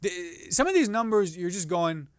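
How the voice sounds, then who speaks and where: A man hosting a comedy podcast, riffing on the news in a rambling, animated way and restarting jokes mid-sentence. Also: high-pitched, normal speed, clear, resonant tone, dry recording, clean studio sound.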